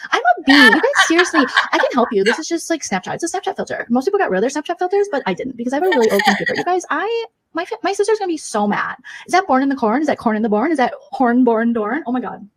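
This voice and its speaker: A woman's voice: sits high, big pitch swings, fairly bright tone, a little hiss or hum. A woman doing a catty, gossiping 54-year-old livestreamer. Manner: rapid, gossipy, gasping, swearing, mock-innocent. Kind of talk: comedic impression of a livestream.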